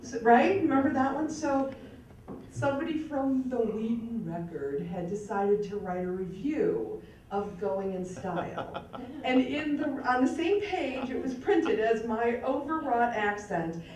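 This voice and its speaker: A woman's voice: a little high, animated, measured pace, darkish tone, slight background noise. A woman in her fifties giving a speech to an audience as an alumna, telling self-mocking stories with a wry edge. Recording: echoey hall, mic far off.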